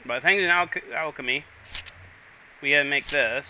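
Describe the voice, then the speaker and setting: Very bright-voiced male game streamer. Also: fairly high pitch, moderate pace, slight background noise, low-quality recording. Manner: chatty, rambling, talks to chat while playing. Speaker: livestream host. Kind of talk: casual gaming livestream chat.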